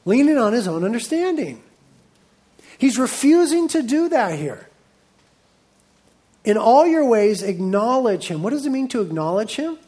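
A middle-aged male pastor preaching a sermon, reading scripture aloud and breaking into lively asides. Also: very high voice, measured pace, pauses often, slightly rough.

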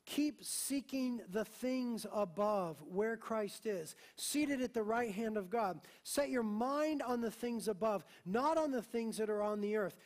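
High-voiced man preaching with passion. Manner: impassioned preaching, swinging from hushed to emphatic. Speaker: pastor. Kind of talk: sermon.

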